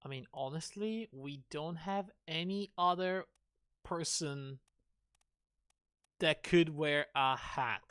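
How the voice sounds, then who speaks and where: Male streamer, casual gaming chat, thinks out loud, slightly high voice, dry close sound. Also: slow pace, long pauses, smooth, no room sound. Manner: musing aloud, asking himself questions.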